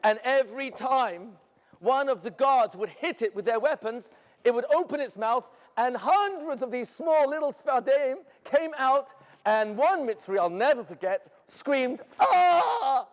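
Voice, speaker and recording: Man, very high voice, dramatic first-person storytelling, theatrical, asks the audience questions, echoey hall. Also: animated, a little slow. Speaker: educator.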